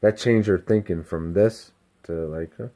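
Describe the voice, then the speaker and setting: A delivery driver talking casually to camera, candid and self-reflective, rambling and swearing freely. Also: male voice, low-pitched, measured pace, mellow. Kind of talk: casual self-help vlog monologue.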